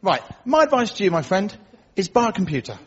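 A man performing a stand-up comedy set, telling dry one-liners in a deadpan way and acting out other people's lines. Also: high voice, quick pace, husky. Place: comedy club stage before a laughing audience. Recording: dull live recording with audience noise. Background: audience laughter.

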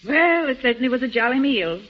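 An actress playing a brisk, wry woman friend in a 1940s radio drama, on a dull old recording. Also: high voice, animated, slight background noise. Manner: breezy and wry.

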